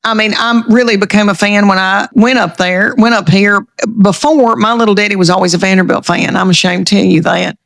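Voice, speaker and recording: A woman's voice: medium pitch, steady tone, brisk, creaky, fairly bright tone, dry recording. A middle-aged woman with a Southern US accent, telling folksy, self-deprecating stories in an interview. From Southern United States. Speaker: comedian guest. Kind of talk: conversational storytelling interview.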